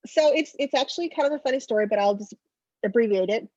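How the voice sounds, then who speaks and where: A woman's voice: quick pace, dry recording, dull audio. A middle-aged woman from Oklahoma, an author, telling stories in a casual interview and acting out the dialogue. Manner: animated storyteller, acts out dialogue with big pitch jumps. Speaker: author guest.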